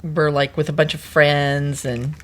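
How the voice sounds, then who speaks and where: A woman's voice: low-pitched, flat delivery, measured pace. A woman co-hosting a casual comic chat, playful and teasing. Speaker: co-host, girlfriend.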